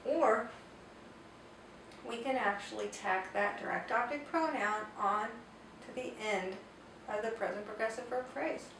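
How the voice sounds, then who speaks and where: A woman teaching a grammar lesson at a board, explaining slowly and carefully and reading out Spanish example sentences. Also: a little high. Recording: echoey room, distant mic, faint noise.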